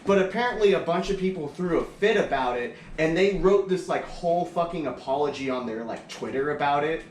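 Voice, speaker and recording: A man's voice: a little high, lively intonation, brisk. A young man chatting casually on a podcast, laid-back and swearing freely as he tells stories. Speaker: podcast host. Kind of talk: casual chat. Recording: echoey room, from a distance, faint hiss.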